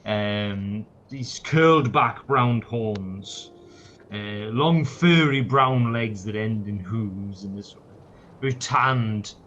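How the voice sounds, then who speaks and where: A man's voice: fairly low pitch, slow, fairly bright tone, a little hiss or hum. A man narrating a tabletop game as game master, casual and peppered with swearing and fillers, on a dull lo-fi mic.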